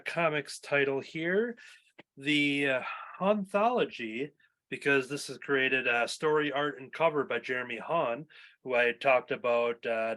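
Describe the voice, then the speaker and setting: A man's voice: mid-range voice, a bit bright. Casual male podcast host. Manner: loose, filler-heavy, reading previews aloud. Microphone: home recording mic.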